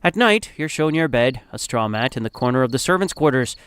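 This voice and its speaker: A man's voice: mid-range voice, lively intonation, brisk, fairly bright tone, clean tone, no room sound, clean studio sound. A man narrating a dramatic story in the second person, in a grave, somber manner.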